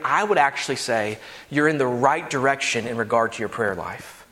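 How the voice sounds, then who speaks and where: A man's voice: mid-range voice, lively intonation, fairly quick, fairly bright tone. A man preaching a sermon as pastor, earnest and building to emphatic delivery with playful asides, in a church sanctuary. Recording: long hall reverb.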